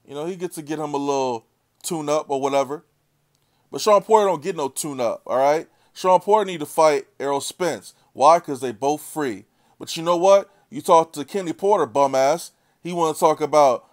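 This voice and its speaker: A man's voice: fairly high pitch, moderate pace, dry recording, clean studio sound. A man ranting about boxing in a blunt, sarcastic, heated way. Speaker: boxing commentator. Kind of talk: opinionated rant.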